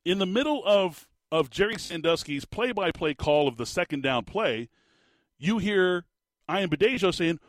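A man hosting a casual sports talk show, rambling and animated with lots of restarts. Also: high voice, normal speed, no echo. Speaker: sports podcast host.

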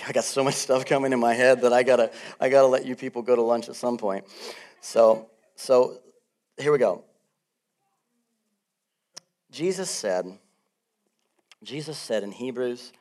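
A middle-aged man preaching a sermon as pastor, animated and laughing often, swinging between loud bursts and soft asides. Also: mid-range voice, unhurried, long pauses.

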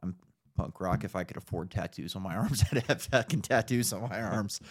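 A man's voice: lowish voice, fairly quick. Profane ranting man telling stories. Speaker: podcast co-host. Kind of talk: casual chat.

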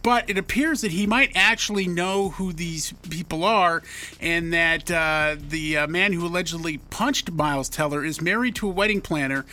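A man co-hosting a radio show, telling a story in casual banter, halting with many fillers. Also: a little high, sharp tone. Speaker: radio co-host. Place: radio studio.

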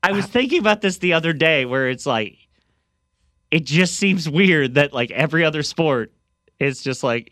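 Rambling man with a slightly high voice. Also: animated, moderate pace, a bit bright, no room sound, clean studio sound. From Tennessee and Missouri, US. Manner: rambling, hesitant, self-interrupting. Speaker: radio show producer asking questions. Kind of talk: casual sports radio banter. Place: radio studio. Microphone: studio mic.

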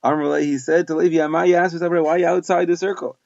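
A man teaches a Talmud lesson with a gravelly voice, reading short Aramaic phrases and then explaining them in English. The sound is dull and dry, recorded close with no room. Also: a little high, flat delivery, racing, darkish tone, dry recording.

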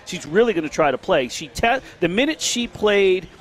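A man co-hosting a casual sports talk show, telling stories in an animated way with quick restarts. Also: high-pitched. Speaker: sports radio co-host.

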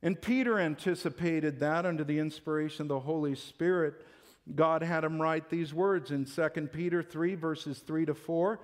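A man's voice: on the high side, moderate pace. A male pastor preaching a Sunday-morning sermon in an emphatic, conversational way.

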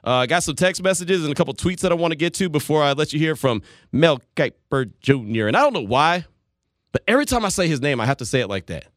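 A man's voice: a little high, big pitch swings, quick pace, fairly bright tone, no room sound, studio quality. A man hosting a sports talk radio show, chatting loosely and rambling between listener messages and calls. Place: radio studio. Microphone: studio microphone.

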